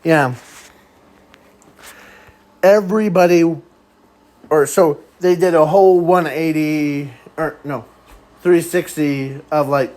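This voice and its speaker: A man improvising a fan story aloud in a rambling, halting way, often trailing off. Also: fairly high pitch, steady tone, a little mellow, low-quality recording.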